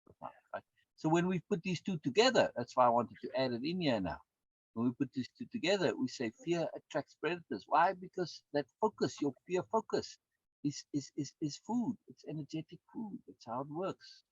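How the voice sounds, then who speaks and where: Husky guy teaching casually, repeats himself a lot, dead dry muffled sound. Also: animated, moderate pace, no room sound. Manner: rambling, repeats words, big pitch swings. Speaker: course instructor. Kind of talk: conversational teaching. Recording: dull lo-fi dry recording.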